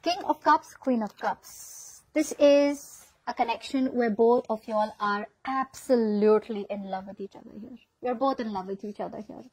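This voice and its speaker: A woman's voice: fairly high pitch, normal speed, hardly any pauses, darkish tone, breathy edge, no room sound, rough recording. A woman giving a casual tarot reading, chatty and filled with "okay?" check-ins. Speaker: tarot reader.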